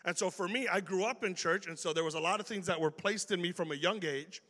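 Animated Chicago preacher, bright, echoing hall. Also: male voice, high voice, fast. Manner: animated and conversational, acting out quoted exchanges. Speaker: youth preacher. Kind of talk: sermon. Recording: long hall reverb.

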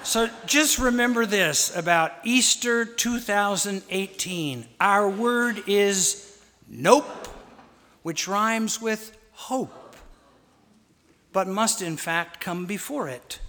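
A man's voice: high voice, fairly bright tone. A man preaching a sermon to a congregation, dramatic and mocking, leading call-and-response. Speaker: pastor. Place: church sanctuary. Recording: long reverb of a large church.

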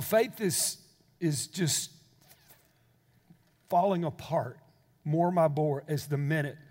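An older man preaching a sermon, moving from quiet storytelling into impassioned exhortation. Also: on the high side, big-room sound. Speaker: pastor.

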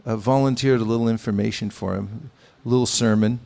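A man giving a devotional sermon, speaking in a measured, pausing way with gentle humor. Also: lowish voice, fairly even intonation, gravelly. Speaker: spiritual teacher. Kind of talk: sermon with anecdotes.

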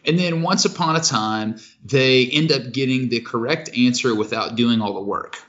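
A man's voice: mid-range voice, moderate pace, a bit bright. Male podcast co-host, casual rambling delivery, muffled lo-fi recording. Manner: rambling, joking analogies with acted quotes. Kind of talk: casual chat. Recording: lo-fi muffled sound.

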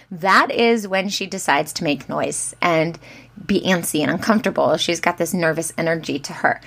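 A woman coaching on going live, chatty and encouraging, who acts out sample lines as she explains. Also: fairly low pitch. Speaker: social media coach. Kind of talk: instructional talk to camera.

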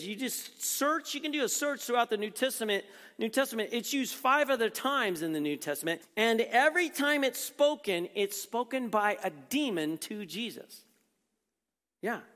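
Male pastor, sermon, high voice, rhetorical questions, emphatic then hushed, long reverb of a church hall.

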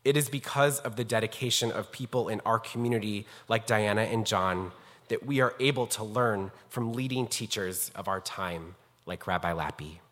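The recording, made in a synagogue sanctuary with long hall reverb, features a rabbi introducing a guest scholar. He tells a personal story formally and earnestly in a fairly low, slightly bright voice at a moderate pace.

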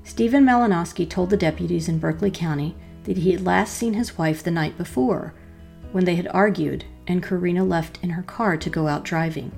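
A woman narrates a tale in a low, gravelly voice. Her delivery is measured and dramatic. The tone is dark and mellow throughout. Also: faint music behind. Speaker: podcast host and storyteller. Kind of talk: storytelling narration.

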